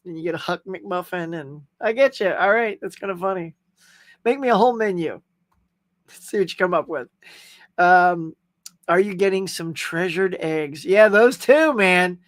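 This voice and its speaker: Reading comments on a live stream, a middle-aged Southern US man talks casually, laughs frequently, and greets viewers by name. He speaks at a normal speed in a high-pitched, slightly bright voice, with studio quality and no echo.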